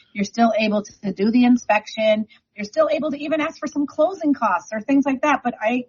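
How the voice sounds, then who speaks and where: A woman's voice: fairly high pitch, husky, muffled recording. A woman real estate agent talking on a radio segment, chatty and emphatic, with a frog in her throat.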